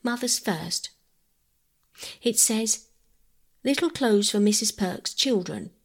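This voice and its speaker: A woman's voice: a little high, animated, slow, voice pushed up. Woman doing an earnest, pleading young girl. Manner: pleading, eager. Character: earnest anxious eldest girl, about twelve.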